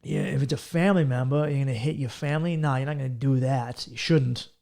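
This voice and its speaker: A man's voice: mid-range voice, steady tone, fast talker, darkish tone. A man hosting a podcast, giving casual advice in a blunt, profane and emphatic way. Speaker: comedian and podcast host.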